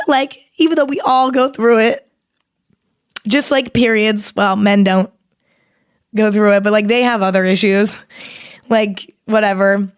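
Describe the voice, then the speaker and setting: A young woman hosting a casual solo podcast, rambling and swearing as she talks in an animated, exaggerated way into a close mic. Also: a little high, dry recording. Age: young adult. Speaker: podcast host.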